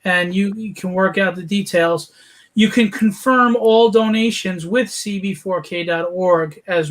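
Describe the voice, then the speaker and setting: A man hosting an online charity art auction, talking in an energetic, persuasive way with frequent fillers. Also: sits high. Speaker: auction host. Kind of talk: charity livestream pitch.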